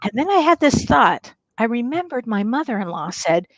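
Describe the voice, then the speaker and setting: A middle-aged woman co-hosting a talk show, telling a personal story in a lively, animated way. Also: on the high side, moderate pace, no echo, low-quality recording. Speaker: co-host. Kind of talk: casual chat, personal storytelling.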